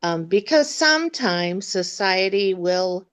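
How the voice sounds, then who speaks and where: A woman in a book club sharing a personal reaction, pausing to search for words. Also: medium pitch, expressive, fairly bright tone, smooth. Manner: reflective, searching for words with pauses. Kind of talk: casual group discussion.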